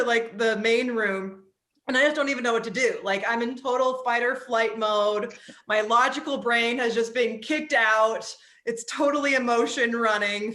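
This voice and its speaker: Woman, East Coast US upbringing, interview guest. Bright, lively storytelling, heavy filler words, recorded in an echoey room. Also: a little high. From East Coast of the United States. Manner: animated, frequent "like" fillers. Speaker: author and psychologist, interview guest.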